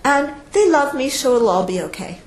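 With a high voice and a moderate pace, a woman gives a dharma talk in an echoey room, recorded in poor audio. She teaches Buddhism to her audience in a conversational way and often checks in with them. She acts out what others said, shifting her voice in lively ways.

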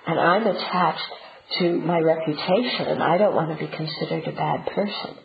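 A woman's voice: deep voice, normal speed, vocal fry. A woman giving a conversational Buddhist teaching talk, often checking in with her listeners. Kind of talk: dharma talk. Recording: roomy, dull and noisy.

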